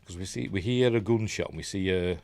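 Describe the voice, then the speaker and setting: Low-voiced Yorkshire man rambling through a film. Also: a little fast, gravelly, a little mellow, no room sound. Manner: rambling, self-correcting, chuckling. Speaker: film reviewer. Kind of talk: casual scene-by-scene film commentary.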